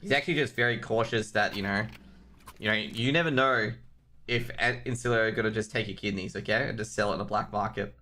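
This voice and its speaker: A man's voice: on the low side, a little fast, pushed and bright, a little hiss or hum. An Australian man casting a live esports match, rambling and joking with the chat between rounds. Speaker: esports caster.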